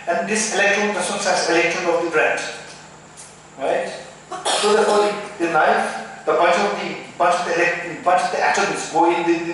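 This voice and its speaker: A man's voice: on the high side, a bit bright, recorded from a distance. A male Buddhist teacher explaining philosophy at a retreat, checking in often with "right?" and restarting his phrases. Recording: echoey hall recording from afar, some hiss.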